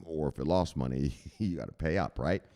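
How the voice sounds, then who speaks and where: A man hosting a crypto news show, explaining in a rambling, excitable way, often laughing and correcting himself. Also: extremely low pitch, a little fast. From United States. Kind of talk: casual explainer monologue.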